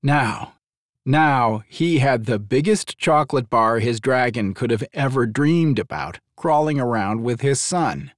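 A male audiobook narrator with a mid-pitched voice that swings with lively intonation. The reading is dry and close, with no room sound. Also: a little slow, dry recording. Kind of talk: scripted narration.

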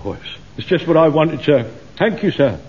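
A man playing an excitable old butcher in the platoon. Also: a little high, moderate pace, natural voice. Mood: grateful. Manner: eager, breathless, gushing. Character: elderly male butcher, excitable and fussy lance corporal. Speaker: platoon lance corporal. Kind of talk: 1970s radio sitcom acting. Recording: dull old radio recording with faint hiss.

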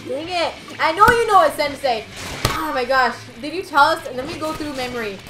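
A woman's voice: high voice, expressive, fairly quick, noisy background. A young woman hosting a casual game stream from a couch at home, bubbly and chatty, often laughing. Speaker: stream host. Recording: echoey room with game music.

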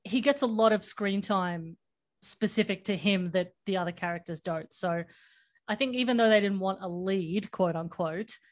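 A woman hosts a podcast in relaxed, casual conversation. Her voice sits at a middle pitch, and she recaps scenes with a chatty lilt, often laughing as she goes. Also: normal speed. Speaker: podcast host. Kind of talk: casual movie chat.

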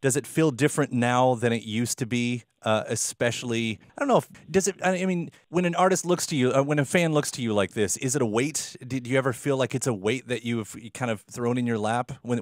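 A man hosts an interview and asks long questions, stumbling and restarting as he goes. His voice sits at a middle pitch. The recording is dry and close, with no room sound. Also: steady tone, a little fast, hardly any pauses, no room sound. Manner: hesitant, many restarts and fillers. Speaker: interview host. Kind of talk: conversational interview.

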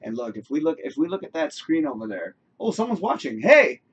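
A man hosting a casual live talk show, animated and encouraging, saying "you know" a lot. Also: on the high side, a little fast, husky, dull audio. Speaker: host. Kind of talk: casual chat.

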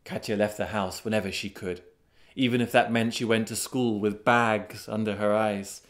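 A man telling a folk tale as a storyteller, unhurried and dramatic, with sudden swells of excitement. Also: fairly low pitch. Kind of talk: storytelling narration.

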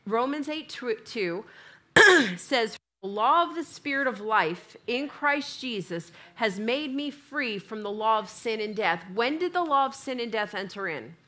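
A woman preaching a sermon in church, telling a funny personal story and acting out both sides of the dialogue in an animated way. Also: on the high side.

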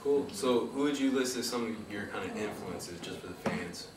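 A man's voice: fairly low pitch, normal speed. A man interviewing a band, full of eager, rambling praise. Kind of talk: casual interview. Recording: echoey room from far off, with noise.

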